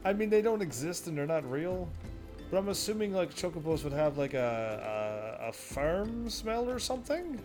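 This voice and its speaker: A young man chats his way through a game, cracking jokes and laughing to himself. His voice sits fairly high. Faint game music runs underneath. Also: big pitch swings, moderate pace. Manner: jokey, laughs often, talks to himself. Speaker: gaming streamer. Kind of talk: casual let's-play commentary.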